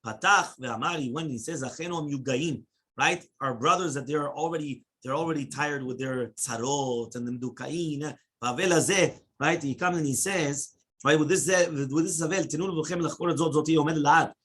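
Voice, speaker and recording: A man leads a Talmud lesson at a brisk clip, reciting Hebrew passages rapidly before translating them into English. His voice sits a touch high for a man and has a husky grain. He keeps checking in with his listeners with quick "right?" and "yeah?" asides. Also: a bit bright. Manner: chants Hebrew quotes rapidly. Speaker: rabbi teaching Talmud.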